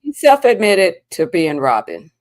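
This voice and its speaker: A woman co-hosting a casual sports talk show, teasing the others in quick banter. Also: on the low side, huge pitch swings, a little mellow, dry recording, studio quality.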